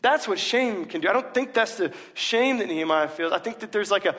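A man's voice: high-pitched, animated, a little fast, fairly bright tone. A male pastor preaching a sermon in a casual, emphatic way, full of slang, in a church. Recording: long reverb of a large hall.

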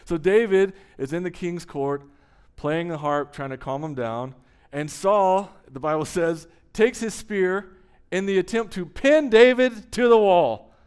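Resonant man preaching with emphatic pauses. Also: high-pitched, clean tone. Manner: emphatic storytelling with dramatic slow pauses. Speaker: pastor. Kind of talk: sermon.

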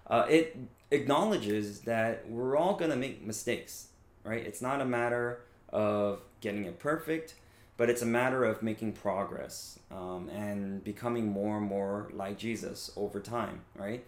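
A man in his thirties preaching a sermon in a relaxed, conversational way, often checking in with his listeners. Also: on the low side, unhurried, roomy sound. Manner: conversational, frequent "right?" and fillers. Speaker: pastor.

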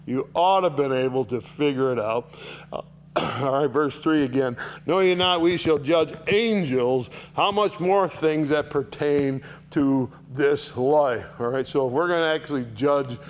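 A man teaching a Bible chapter verse by verse, reading lines and paraphrasing them in lively, pointed bursts, then dropping low for asides. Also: a little slow. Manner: animated, rising sharply to voice Paul's rebukes, dropping low for asides.

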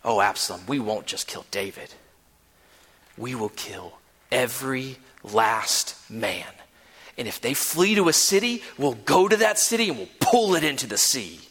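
A man's voice: mid-range voice, lively intonation, unhurried, fairly bright tone, slightly rough, long reverb tail, voice pushed down. A pastor voicing a scheming royal advisor who talks in casual slang and stammers as he coaxes his listener. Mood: boastful.

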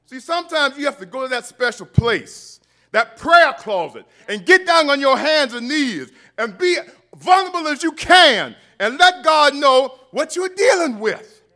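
A man preaching a sermon with passion, building to shouted, repeated refrains and calling on the congregation to respond. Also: very high-pitched, expressive, measured pace.

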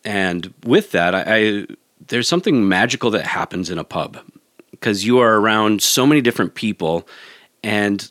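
A man's voice: fairly low pitch, animated, normal speed, fairly bright tone, no room sound, clean studio sound. A man, a yoga teacher, in a casual podcast chat, earnest and reflective, often restarting his sentences.

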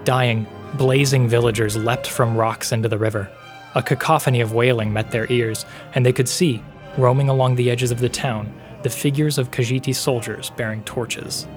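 A man narrating a fantasy story in a measured, expressive reading voice. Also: medium pitch. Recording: faint background music.

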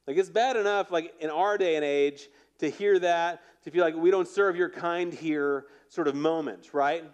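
Animated, conversational male preacher. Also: a little high, normal speed, smooth. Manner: conversational, animated storytelling with acted quotes. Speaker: pastor. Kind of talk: sermon.

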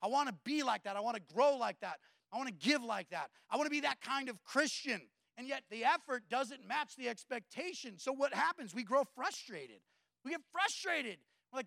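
A man's voice: extremely high pitch, lively intonation, normal speed, gravelly, bright, forceful tone, no room sound, clean studio sound. A man preaching a sermon as a pastor, in a conversational way with frequent "right?" asides to the congregation.

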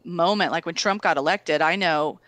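A woman talking casually, telling stories in a candid, animated way with lots of fillers. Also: on the low side, moderate pace, no echo. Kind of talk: casual conversation.

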